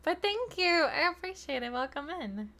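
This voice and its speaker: Bubbly woman streamer, crisp bright tone on the higher side, talkative and quick to yell hello to her chat. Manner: chatty, excitable, shouts greetings to chat. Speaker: streamer host. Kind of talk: casual live-stream chat with viewers.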